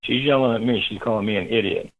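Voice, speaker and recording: Male guest, husky and low-pitched, animated storyteller. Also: quick pace, narrow, tinny audio. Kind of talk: storytelling in a radio interview.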